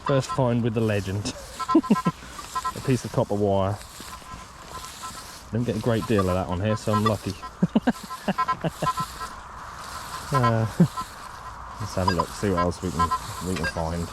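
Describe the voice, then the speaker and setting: A man with a fairly low voice talks briskly against a noisy background as he sets up and uses a metal detector in an open farm field. His casual talk is rambling and hesitant, with many ums and restarts.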